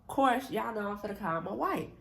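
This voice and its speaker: A woman vlogger casually telling a story straight to her viewers, slangy and animated. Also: medium pitch, fairly quick, gravelly.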